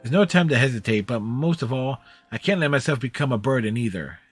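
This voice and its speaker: A man's voice: medium pitch, expressive, fairly quick, slightly rough, faint music behind. A man streaming a game, reading its story text aloud in the first person with small slips.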